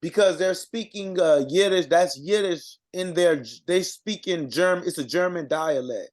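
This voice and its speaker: A man with a fairly high voice talks slowly through an informal language lesson. He reads out words one by one, stops to sound them out, and fills the gaps with "uh" and "um". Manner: halting, sounds out words, many fillers. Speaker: co-presenter reading out vocabulary.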